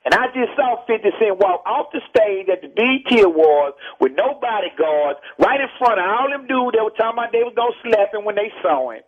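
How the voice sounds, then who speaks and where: A man's voice: sits high, animated, a little fast, hardly any pauses. Heated texas man on a muffled phone line. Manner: forceful, lecturing, repeats points. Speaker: rapper guest. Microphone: telephone.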